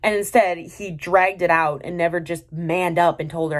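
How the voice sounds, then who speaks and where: A woman's voice: fairly low pitch, normal speed. Woman ranting casually, sarcastic and fed up, talks over herself with likes and you knows. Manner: exasperated, sarcastic, animated with lots of fillers. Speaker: drama reviewer.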